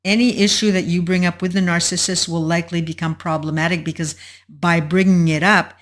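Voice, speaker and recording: A woman hosting a solo advice talk, explaining in a measured way and walking through an example step by step. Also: lowish voice, fairly even intonation. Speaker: host.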